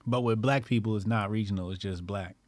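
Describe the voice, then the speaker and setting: A man's voice: lowish voice, a little fast, dry recording. A man co-hosting a podcast in casual chat, teasing and pressing his partner with questions. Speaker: podcast co-host.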